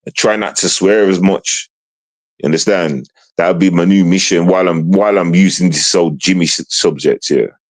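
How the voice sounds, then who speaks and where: A middle-aged man, ranting on a live stream in a rambling, heavily swearing way. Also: low-pitched. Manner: rambling and heavy-swearing, full of repeated fillers. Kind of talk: casual live-stream rant.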